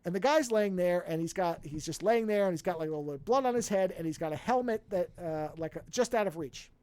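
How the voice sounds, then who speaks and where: A podcast co-host in casual chat, retelling a film at length with quick asides. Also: mid-range voice, animated, darkish tone, smooth, no echo.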